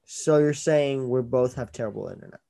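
A man hosting a casual podcast from his own mic on a video call, his voice sitting at an ordinary middle pitch. He talks loosely and playfully, quick to tease and bicker with his co-host. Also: gravelly, warm tone.

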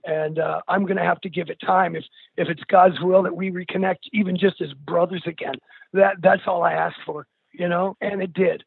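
A man's voice: sits high, steady tone, moderate pace, vocal fry, husky, dry recording. An older man, a musician, speaking as an interview guest in an earnest, candid way, calling the host dude and bro. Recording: tinny phone line.

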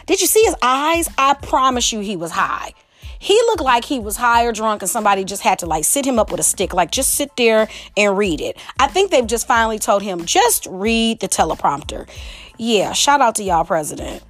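A woman's voice: a little high, lively intonation, brisk, a bit bright, faint music behind. A woman hosting a casual solo podcast, talking in a chatty, exclamatory way. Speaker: podcast host.

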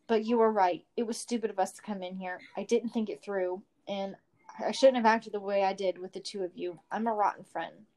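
A remorseful young hobbit boy from a storybook, read by a woman. He talks in a low, gloomy, mumbling way. He sounds sorry for himself. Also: fairly even intonation, a little fast, darkish tone, natural voice.

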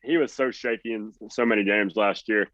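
A man's voice: fairly low pitch, fairly even intonation, a little fast, highs cut off, over a noisy crowd. A man co-hosting a casual sports podcast, asking questions and agreeing along. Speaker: podcast co-host.

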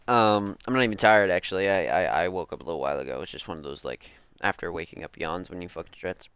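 With a low voice, a fast pace, and hardly any pauses, a young music podcast host rants in a heated, casual way, cursing often and filling his speech with "like" and "bro." The tone is a bit bright, clear, and resonant, with no echo.

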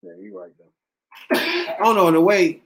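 Male podcast host, fairly high and very lively voice, animated, laughs a lot. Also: a little slow, vocal fry, slight background noise. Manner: animated, laughs often, acts out quoted people. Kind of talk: casual podcast chat.

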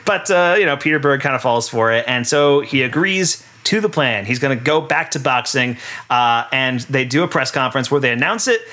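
A man's voice: mid-range voice, expressive, brisk, pushed and bright. A man casually recapping a film on a podcast, rambling and laughing often. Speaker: podcast co-host. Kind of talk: casual movie recap chat.

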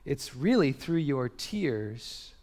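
A pastor preaching a sermon, swinging from loud urgent bursts to quiet, slow drops. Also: male voice, mid-range voice, sing-song. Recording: long reverb of a large hall.

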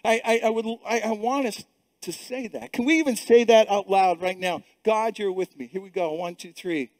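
A man's voice: high voice, normal speed, a little mellow, no echo. A middle-aged male pastor preaching a sermon with emphatic repetition and frequent restarts. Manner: emphatic, repeats words, many restarts.

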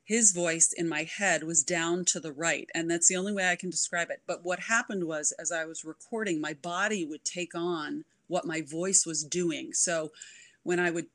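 A woman author chatting as an interview guest, animated and full of ums. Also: lowish voice, moderate pace. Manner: animated, many ums, demonstrates voices. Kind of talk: casual interview chat.

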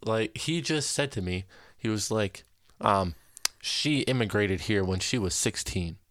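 A man's voice: fairly low pitch, expressive, unhurried, fairly bright tone, no echo, clean studio sound. A young man telling stories on a podcast, laughing often and filling his talk with "like". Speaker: podcast co-host. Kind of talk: casual storytelling chat.

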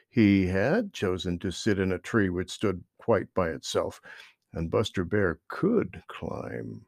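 A man reading a children's animal story aloud in an expressive storytelling voice. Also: sits low, vocal fry, no echo, studio quality.

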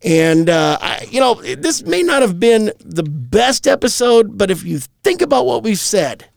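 A man co-hosting a comedy podcast, rambling through profane, animated storytelling. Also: sits high, measured pace, vocal fry, no room sound, studio quality. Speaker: podcast co-host. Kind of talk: crude comedy podcast chat.

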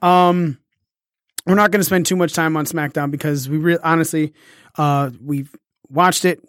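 A man hosting a casual wrestling recap, talking excitedly, swearing freely and acting out the lines he quotes. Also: on the high side, normal speed, no room sound, studio quality. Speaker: wrestling podcast host.

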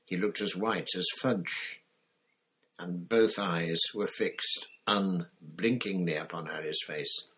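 Deep, low-pitched man reading a novel aloud, measured and steady. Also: breathy edge. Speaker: audiobook narrator. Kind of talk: scripted narration.

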